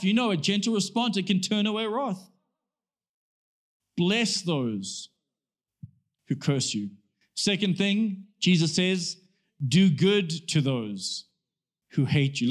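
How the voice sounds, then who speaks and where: A man's voice: sits high, lively intonation, slow pace, pauses often. A man preaching a sermon in a casual, conversational way, asking rhetorical questions and acting out quoted comebacks. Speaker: pastor.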